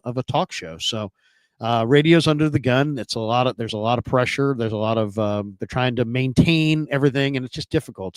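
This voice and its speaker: A man's voice: medium pitch, no room sound. A man in his forties hosting a sports podcast, talking casually in a hesitant, thoughtful way. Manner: hesitant, full of ums, thoughtful. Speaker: podcast host.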